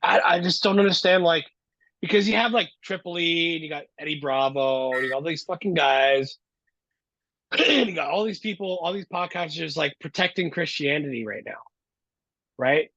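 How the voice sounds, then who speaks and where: A man's voice: on the high side, moderate pace, a bit bright, no echo, lo-fi sound. A man hosting a podcast, reacting emphatically and cursing freely in casual chat. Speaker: podcast host.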